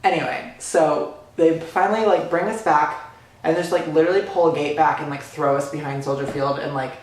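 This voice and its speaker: A man vlogging an excited personal story, animated and dramatic, full of "like" and "literally.". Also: on the high side, a little fast. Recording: echoey room.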